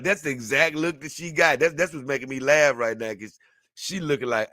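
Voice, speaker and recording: A man giving casual, animated reaction commentary, exclaiming and laughing as he talks. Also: fairly high pitch, brisk, no room sound, clean studio sound. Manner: animated, exclaiming and laughing, dips into mock voices. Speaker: video reactor.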